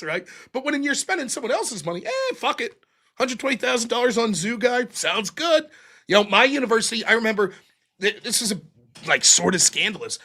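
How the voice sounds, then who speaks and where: A young man hosting a call-in show, telling stories in a profane, animated way and putting on mocking voices for the people he quotes. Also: extremely high pitch, fairly quick. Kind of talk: casual call-in chat.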